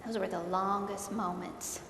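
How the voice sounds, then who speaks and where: In an echoey hall with a faint rumble behind her, a woman shares a heartfelt faith testimony at a measured pace with fairly even intonation. Recounting what happened, she repeats herself, and her voice climbs in dismay.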